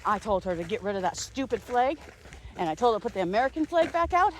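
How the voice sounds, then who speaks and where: Woman, middle-aged, angry rant, sarcastic, high voice, swooping pitch, faint outdoor hum. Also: lively intonation, quick pace. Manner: heated, emphatic, sarcastic. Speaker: vlogger. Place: outdoors on a walk.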